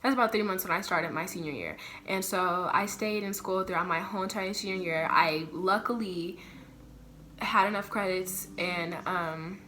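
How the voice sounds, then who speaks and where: A woman's voice: lowish voice, moderate pace, bright, forceful tone, a little hiss or hum. A young woman from Colorado telling a personal story to her camera in a casual, chatty way, full of "like" and "um" and acting out what others said. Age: young adult. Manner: chatty, lots of "like" and "um", acts out quoted voices. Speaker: vlogger.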